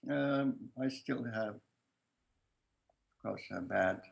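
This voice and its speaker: An older man with a strong Lithuanian accent, a filmmaker answering interview questions in a halting way, searching for words and often restarting, with soft laughs. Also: lowish voice, vocal fry, low-quality recording. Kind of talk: casual conversation.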